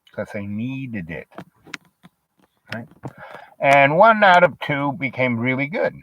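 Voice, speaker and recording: A man's voice: mid-range voice, muffled recording. An older man streaming a rambling, casual monologue, full of fillers and asides.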